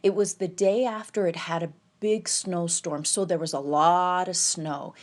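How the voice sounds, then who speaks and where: A woman telling a tense personal story, halting and quoting the people she met. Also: lowish voice, fairly even intonation. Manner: tense, halting retelling with quoted dialogue. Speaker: podcast storyteller.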